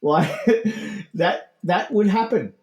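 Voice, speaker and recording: A man's voice: high-pitched, slow. A man co-hosting a loose podcast chat. He rambles and jokes, laughing often as he goes. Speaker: podcast co-host. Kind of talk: casual chat.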